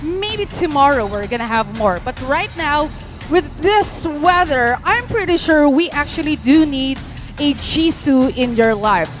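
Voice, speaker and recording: High-voiced Filipino woman auctioneer. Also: soft background music. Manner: energetic, playful, rapid bid calling. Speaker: auctioneer host. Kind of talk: live event auction calling. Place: live esports event venue.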